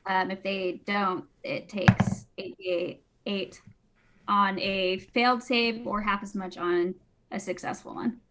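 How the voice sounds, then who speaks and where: A woman's voice: medium pitch, steady tone, slow pace, heavy background noise. A woman playing a character in a tabletop game, reading out spell rules in casual talk. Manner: reads spell rules aloud. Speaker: player.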